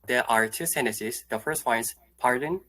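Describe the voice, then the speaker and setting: A man's voice: medium pitch, moderate pace, a bit bright. A young man from Japan, a native Japanese speaker and host, asking prepared questions in English over a video call. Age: young adult. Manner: asks prepared questions, brief acknowledgements. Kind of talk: casual interview.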